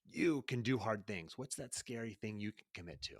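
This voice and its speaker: A man's voice: on the low side, expressive, moderate pace, no room sound, clean studio sound. A middle-aged man hosting his own podcast, talking energetically and conversationally, often tossing in rhetorical questions. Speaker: podcast host and coach. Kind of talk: solo podcast monologue.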